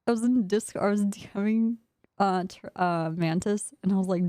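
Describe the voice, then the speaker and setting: A woman's voice: mid-range voice, moderate pace, warm tone, dry recording, clean studio sound. A woman streamer chatting casually while gaming, telling a rambling story and laughing often. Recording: faint music behind.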